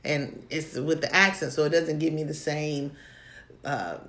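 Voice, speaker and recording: A woman co-hosting a casual chat about dating, telling stories in an animated way and laughing often. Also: low voice, unhurried. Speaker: podcast co-host. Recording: echoey room.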